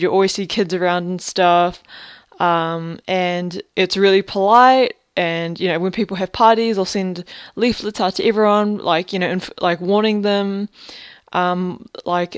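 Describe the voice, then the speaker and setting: A young woman rambling through a story in a casual video diary, swearing often and leaning on fillers. Her voice sounds smooth and clear, recorded close and dry. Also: mid-range voice, dry recording. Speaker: vlogger.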